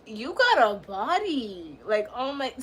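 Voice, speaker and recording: A woman's voice: fairly high pitch, big pitch swings, slow, husky. A young woman livestreaming, chatting casually in slang, teasing and trash-talking her chat.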